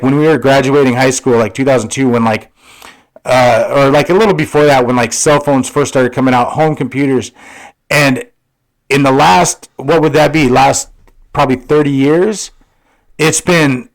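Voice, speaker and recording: A man's voice: mid-range voice, rough recording. A man in his forties co-hosting a podcast, rambling in casual chat with lots of fillers and swearing. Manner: rambling, profane, filler-heavy. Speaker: podcast co-host.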